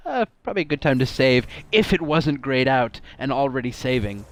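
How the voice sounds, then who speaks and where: Brisk and sing-song, the mid-range voice of a game streamer narrates his play in a casual let's-play, cracking jokes, laughing a lot and throwing in over-the-top dramatic asides. There's slight background noise.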